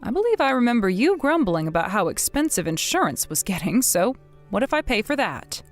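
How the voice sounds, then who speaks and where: A woman playing a blunt, widowed older mother who scolds her grown son in a measured, firm way, in a scripted text-message drama. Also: on the high side, very animated, soft background music. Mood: calm.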